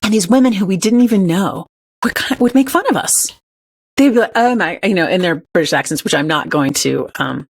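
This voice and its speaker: A woman's voice: fairly low pitch, a little fast, vocal fry, slightly rough. A woman, a podcast guest and author, telling stories in an earnest, upbeat conversational way. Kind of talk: conversational interview.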